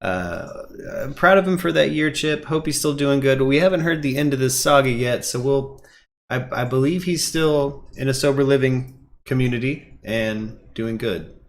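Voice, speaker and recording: A man's voice: medium pitch, moderate pace. A man hosting a casual podcast chat, laid-back and chuckling between remarks. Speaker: podcast host.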